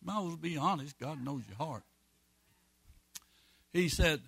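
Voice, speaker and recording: A man delivers a sermon in a slightly raised voice, folksy and emphatic. He hammers repeated phrases and drops quick asides. The sound is close and dry, with no room echo. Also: on the high side, creaky, a bit bright, husky. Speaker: pastor.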